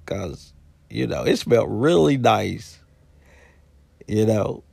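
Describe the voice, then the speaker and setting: A man with tells a funny everyday story on his podcast. His voice is gravelly and swings widely in pitch. He takes his time, laughing and drawing out his exclamations. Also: no room sound. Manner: animated, laughing, drawn-out exclamations. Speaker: podcast host. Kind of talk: casual storytelling monologue.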